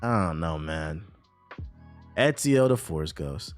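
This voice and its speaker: A man's voice: deep voice, slow, long pauses, faint music behind. A man streaming about gaming news, ranting and joking with lots of swearing and sarcasm. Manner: animated, swearing, sarcastic, laughs often. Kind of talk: casual profane reaction rant.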